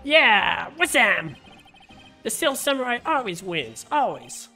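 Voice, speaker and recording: A woman voices a boastful grade-school boy, loud and eager, with a bouncy, raised pitch. Soft game music sits beneath his lines. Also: big pitch swings, takes it slowly, creaky, exaggerated voice.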